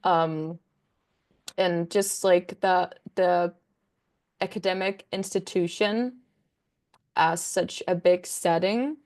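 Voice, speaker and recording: A woman's voice: lowish voice, steady tone, takes it slowly, long pauses, a little mellow. A young woman, a book content creator, chatting as a guest in a casual interview, rambling enthusiastically with lots of fillers.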